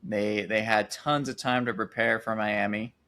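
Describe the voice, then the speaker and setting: A man's voice: on the low side, steady tone, a little slow, sharp tone. A man co-hosting a sports podcast, chatting casually and thinking aloud with frequent restarts. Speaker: podcast co-host.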